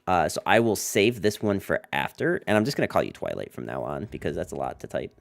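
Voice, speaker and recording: A man's voice: deep voice, sing-song, fast talker, gravelly. A man streaming a card game, chatting casually with viewers, full of fillers like "like" and "um" and joking asides. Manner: rambling, filler-heavy, jokey asides to chat. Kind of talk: casual livestream chat while playing a card game.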